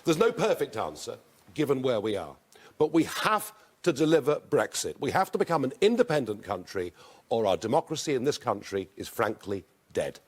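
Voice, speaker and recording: A man answering questions in a televised debate, forceful and emphatic, repeating words for stress. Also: mid-range voice, very animated, normal speed, slight background noise. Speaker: party leader in a televised debate.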